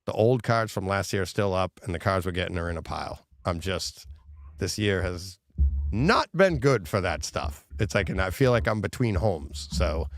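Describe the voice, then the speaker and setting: A man's voice: low-pitched, normal speed, a little hiss or hum. A middle-aged man co-hosting a podcast in casual chat, telling stories with lots of laughter and acted-out quotes. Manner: animated storyteller, laughs often, acts out quotes. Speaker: podcast co-host.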